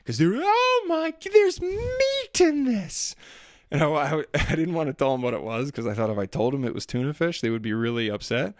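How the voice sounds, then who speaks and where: A man's voice: mid-range voice, fast talker, few pauses, dry recording, studio quality. A man telling rambling, self-deprecating stories about family life in a casual monologue. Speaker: father talking about daily life.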